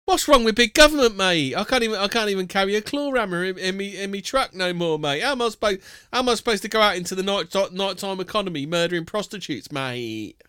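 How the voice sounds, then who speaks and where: A man putting on a crude, aggrieved bloke who mocks his way through every sentence. The voice sits high and bright, swings widely up and down, and sounds dry and close, with no room around it. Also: animated, fast, smooth, no echo. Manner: mocking, sweary, ends lines with "mate".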